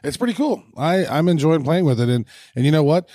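A man's voice: on the high side, very animated, brisk, dark tone, no echo, clean studio sound. A man co-hosting a podcast, joking and bantering in casual chat, a little tired. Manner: jokey, rhyming banter, a bit tired. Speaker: podcast co-host.

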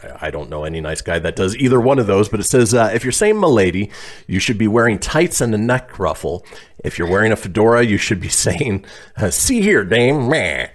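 A man's voice: lowish voice, lively intonation, fairly quick. A man hosting a casual comedy radio show, reading listener posts aloud and chuckling often. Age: adult, calls himself officially old.

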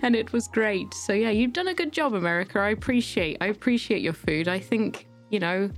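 A podcast co-host chats casually with a mid-range, expressive voice, talking briskly over soft background music. She rambles, filling her speech with fillers and restarts.

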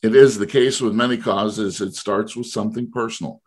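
A man hosting a sports interview show, reading formal introductions and questions in a measured way. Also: lowish voice, fairly even intonation, slightly rough. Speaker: radio show host.

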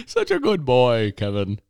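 A man putting on a jolly old Santa Claus voice with an Irish-tinged twang and booming ho-hos. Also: gravelly, darkish tone, no room sound, clean studio sound, heavily acted.

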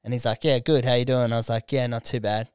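Australian young guy, comedian on a podcast, spinning a sweary story with the quotes acted out, and his voice sounds smooth and dry, like it's close to the mic. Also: medium pitch, quick pace, no room sound. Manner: animated, swears a lot, acts out quotes. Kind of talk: casual storytelling chat. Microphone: studio microphone.

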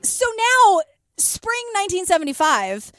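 A woman's voice: extremely high pitch, big pitch swings, a little slow, sharp tone, no room sound, clean studio sound, faint music behind. A woman co-hosting a podcast in casual chat, telling the story with outraged, profane animation. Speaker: podcast co-host.

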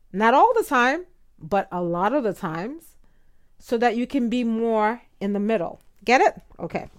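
A woman hosting a podcast as a speech coach, explaining and demonstrating softer ways of speaking with rising uptalk. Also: a little high. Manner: demonstrates tones, rising uptalk in quoted examples. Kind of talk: instructional podcast talk.

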